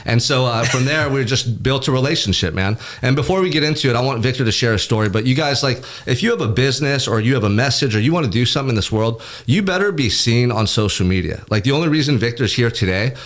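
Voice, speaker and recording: A man's voice: medium pitch, expressive, fast, few pauses, fairly bright tone. A man hosting a podcast from a recording studio, introducing his guest in a fired-up, motivational way and swearing bluntly. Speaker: podcast host.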